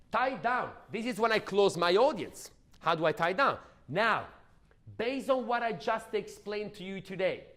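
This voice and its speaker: A man giving an energetic, emphatic sales training talk, often asking the audience questions. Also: sits high.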